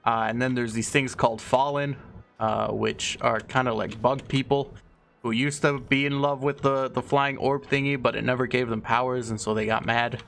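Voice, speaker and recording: A man's voice: mid-range voice, fairly even intonation, normal speed, vocal fry, a bit bright, soft background music. A young man explaining a story in a loose, irreverent, casual way, swearing freely and filling gaps with fillers. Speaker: video host.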